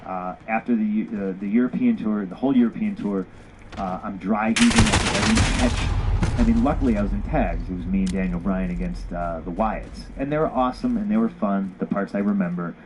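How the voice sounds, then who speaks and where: A man's voice: on the low side, brisk, noisy background. A man, a former pro wrestler, candidly telling stories in an interview, swearing freely and acting out what others said. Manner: profane, animated, acts out quoted dialogue. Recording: podcast audio played over loud game gunfire.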